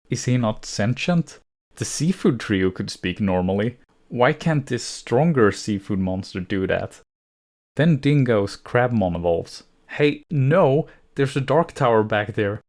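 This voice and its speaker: A man's voice: fairly low pitch, gravelly, darkish tone. A man giving scripted review commentary on an anime series, sardonic and nitpicking, with an exasperated edge.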